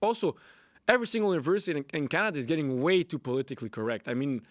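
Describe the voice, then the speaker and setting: A man's voice: fairly high pitch, very animated, rapid-fire, dry recording, clean studio sound. A young man hosting a solo podcast, ranting bluntly with lots of swearing and repetition. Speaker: podcast host. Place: Canada.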